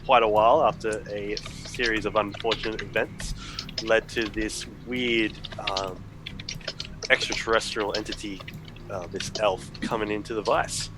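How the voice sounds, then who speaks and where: A man's voice: on the low side, steady tone, normal speed, over music, rough recording. Easygoing man introducing his character. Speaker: player.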